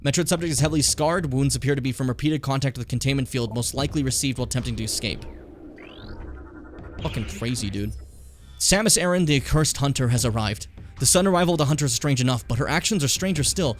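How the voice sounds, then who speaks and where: A man's voice: medium pitch, lively intonation, quick pace, faint music behind. A tired man in his late twenties, streaming a game casually, swearing freely and stumbling as he reads on-screen text aloud. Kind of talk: casual gameplay commentary.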